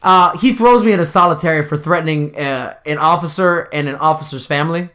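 A man's voice: on the high side, fairly quick. A man in casual chat, telling a story with lots of swearing and frequent laughter. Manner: animated, profane, laughs often.

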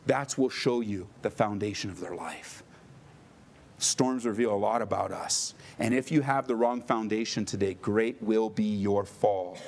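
A man preaching a sermon, emphatic, asking the listeners questions, rising for stress and dropping low for solemn lines. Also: unhurried, darkish tone. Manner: asks the listeners rhetorical questions. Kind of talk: expository sermon.

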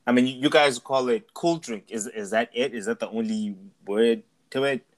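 A man hosting a casual podcast chat, relaxed and laughing often, repeating words as he thinks. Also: mid-range voice, moderate pace, poor audio. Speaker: podcast host.

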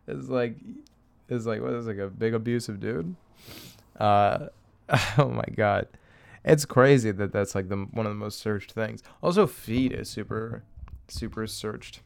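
A young man with a low, gravelly yet smooth voice, talking alone in a casual, crude comedic rant. He rambles from one gripe to the next and chuckles as he talks. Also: unhurried. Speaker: podcaster.

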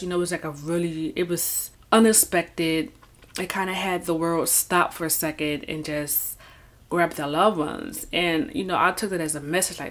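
Chatty, low-voiced woman. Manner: chatty, rambling, lots of "you know" and "y'all". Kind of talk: casual faith talk to camera.

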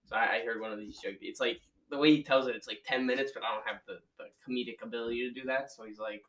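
A man's voice: medium pitch, fast talker. A young man co-hosting a podcast, chatting casually with a lot of "like" fillers. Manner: relaxed, fills speech with "like". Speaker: podcast co-host. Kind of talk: casual chat.

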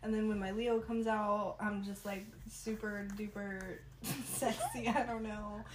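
A woman's voice: mid-range voice, fairly even intonation, measured pace, background noise. A young woman co-hosting a podcast in casual chat, giggly and self-deprecating, often trailing off. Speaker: podcast co-host.

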